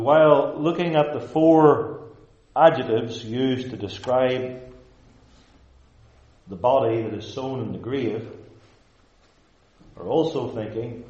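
A male pastor preaching a sermon to a live congregation in a measured, emphatic way, stressing short repeated phrases. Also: medium pitch, a little mellow, echoey room, muffled recording. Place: church service before a live congregation.

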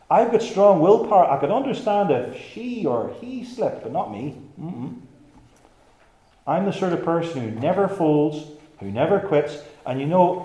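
A man's voice: lowish voice, warm tone, natural voice. A man voicing a boastful, self-important male churchgoer who brags about his strength. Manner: proud, swaggering. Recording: echoey room.

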